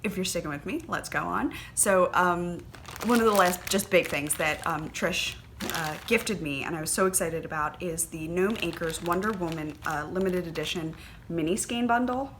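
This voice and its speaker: Gushing, excitable woman knitting podcaster. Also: on the low side, normal speed, slight background noise. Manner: gushing, excitable, lots of fillers and gasps. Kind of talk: casual chat.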